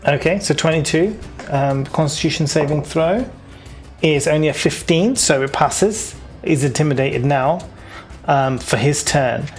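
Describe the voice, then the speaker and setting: A man's voice: on the high side, unhurried, faint music behind. A man with a British accent running a tabletop game as game master, in a casual, chatty way with many fillers.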